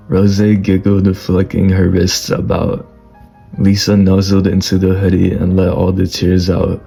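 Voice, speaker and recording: A man with a deep, husky voice reading a fan fiction story slowly in a whispered role-play style, stammering through the dialogue. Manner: slow, low soft storytelling with stammered dialogue.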